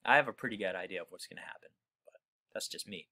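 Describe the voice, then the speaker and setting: A man reading a children's book aloud, pausing to explain words to young listeners in a friendly way. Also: low-pitched, pushed and bright. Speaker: reader for children.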